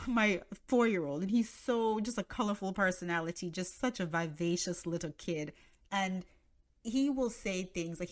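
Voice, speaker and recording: A woman in her thirties hosting a Christian teaching podcast, talking in an animated, conversational way and acting out the voices she quotes. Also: medium pitch. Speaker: podcast host.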